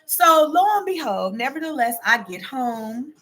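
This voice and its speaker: A woman's voice: on the high side, lively intonation, unhurried, a bit bright. A woman in her forties hosting a casual show, telling a story to her viewers and answering their comments aloud, often adding "okay?" and "baby". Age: 40s. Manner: chatty, peppers talk with "okay?" and "baby". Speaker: host.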